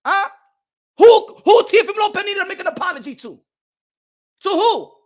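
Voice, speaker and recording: A man with a high voice is ranting as he hosts a boxing livestream. He is fiery and loud, and he keeps switching between Spanish and English, hammering the same phrases again and again. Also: lively intonation, moderate pace. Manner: repeats himself for emphasis. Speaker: boxing channel host. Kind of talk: livestream rant commentary.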